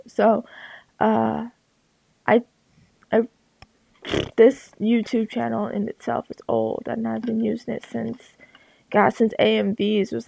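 Young woman, art vlogger, gravelly crackly voice, slightly high, dry headset sound, rambling casual delivery. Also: flat delivery, slow, long pauses, dark tone, dry recording. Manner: rambling, many fillers and restarts. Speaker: artist vlogger. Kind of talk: rambling casual talk over a drawing.

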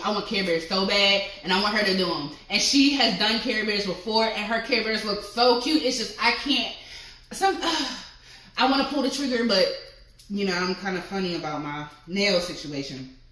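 Woman vlogger, gushing chatter, bright tone, very echoey room. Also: on the high side. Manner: effusive, chatty, swearing casually. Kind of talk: casual vlog shout-outs.

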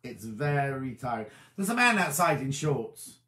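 This host sounds tired yet very animated as he chats casually on a live stream, reading comments aloud and rambling through his answers. His medium-pitched voice has a sharp tone and an unhurried pace, and the room echoes.

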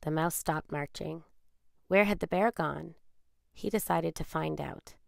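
A woman calmly narrating a children's picture book read aloud. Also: deep voice, creaky, dry recording, studio quality. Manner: calm, measured. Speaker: storyteller.

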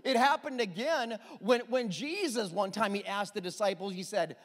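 A man preaching a sermon as pastor, emphatic and animated, with quick asides to the congregation. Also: high voice, big-room sound.

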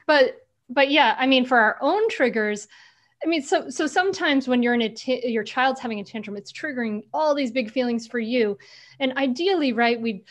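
A woman author talking casually as a guest on a video call interview, animated and laughing often as she tells stories. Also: a little high.

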